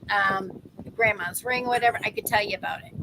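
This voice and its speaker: A woman's voice: medium pitch, fairly quick, background noise. A chatty woman in her fifties, a psychic medium hosting a casual live-stream talk, who laughs easily and acts out the voices of people she quotes. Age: 50s.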